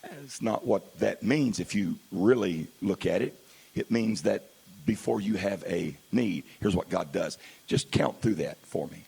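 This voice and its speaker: A man pastor preaching a sermon, swinging from quiet asides to loud, drawn-out exclamations. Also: deep voice, expressive, gravelly, breathy edge.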